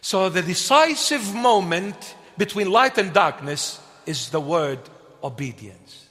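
A male preacher delivers an emphatic sermon in a fairly high voice. He speaks slowly, hammering points home with repeated questions he answers himself. His voice rings out with a long reverb, as in a large church hall. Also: animated, a bit bright. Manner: emphatic, repetitive call-and-response preaching.

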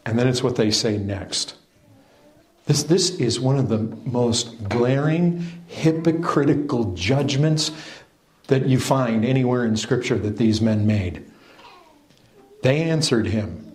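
A man preaching a sermon as pastor, emphatic and animated, full of rhetorical questions and quick restarts. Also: medium pitch, echoey room.

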